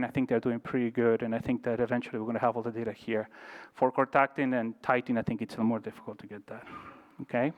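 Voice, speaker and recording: A man's voice: medium pitch, clear, resonant tone. A man presenting at a medical conference in an informal way, often hedging his points. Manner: informal, hedges often with "I think". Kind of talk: conference lecture. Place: hotel conference room. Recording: reverberant conference hall.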